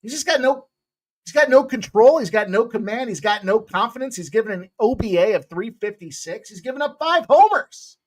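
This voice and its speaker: Man, sports betting host, casual picks talk, jokey, self-mocking, loud excited bursts. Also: sits high, a little fast.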